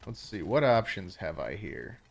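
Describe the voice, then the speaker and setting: A man's voice: sits low, sing-song, normal speed, vocal fry. Playful male game streamer. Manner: playful, self-mocking. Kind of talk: casual live-stream commentary. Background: game music.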